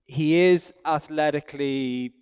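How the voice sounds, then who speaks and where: A middle-aged Irish man coaches aloud from the saddle in a chatty, self-deprecating way. His voice is smooth and fairly high for a man. A long reverb from a big indoor arena follows every word. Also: takes it slowly, darkish tone. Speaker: event rider giving a riding demonstration. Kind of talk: live demonstration commentary.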